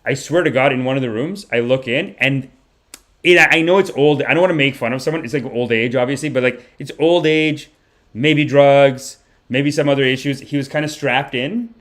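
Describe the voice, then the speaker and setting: A man hosting a live comedy podcast, telling a rambling story in an animated way, swearing freely and acting out the people he describes. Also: mid-range voice, normal speed. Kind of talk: rambling comic monologue on a live stream.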